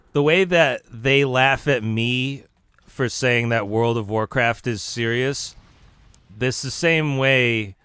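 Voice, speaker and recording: Smooth-voiced man joking on a live stream. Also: medium pitch, sharp tone, no echo. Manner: joking mock-serious lecturing, halting restarts. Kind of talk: casual live stream rambling.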